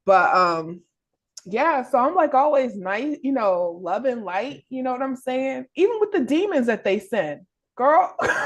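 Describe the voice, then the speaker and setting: A woman's voice: high-pitched, big pitch swings, a little slow. A woman in casual spiritual chat, often affirming her friend and laughing as she tells her own story. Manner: agreeable, frequent affirmations, laughing. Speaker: podcast co-host.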